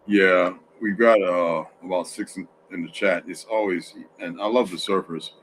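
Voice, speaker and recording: A sleepy man hosts a casual livestream from his home, yawning and rambling through his thoughts with many restarts. His voice sits low. A faint background hiss runs under his talk. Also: fairly even intonation, normal speed, low-quality recording. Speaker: livestream host.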